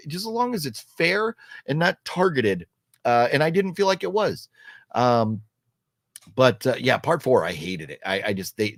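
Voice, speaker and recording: Male streamer, casual rambling talker, very animated intonation, dry room. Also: no echo. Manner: rambling, restarts often, animated swings in pitch. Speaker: host of a livestream movie talk show. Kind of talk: casual live-stream chat reading comments.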